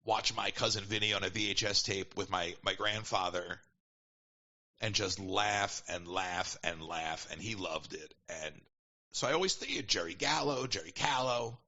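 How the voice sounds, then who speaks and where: A man casually telling a long story as a podcast guest, animated and quick to quote people in put-on voices. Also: on the low side, lo-fi sound. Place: at home.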